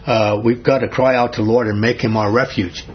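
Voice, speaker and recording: A man teaching a Bible study, his voice husky and slightly breathy. He reads scripture passages aloud and keeps asking his listeners questions. The recording is dull and lo-fi. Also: mid-range voice, steady tone, a little fast.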